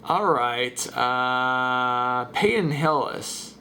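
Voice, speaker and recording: A man's voice: mid-range voice, extremely slow, pushed and bright, a little hiss or hum, heavily acted. A man voicing a bemused male radio host who hesitates with many fillers, in a comic voice-over dub.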